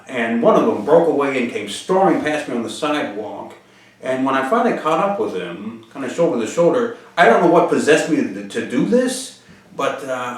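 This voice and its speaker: A man hosting a deadpan comedic monologue and answering viewer questions. He uses pompous, formal wording broken by frequent hesitant "uh" pauses. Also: mid-range voice. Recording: very echoey room, mic far off.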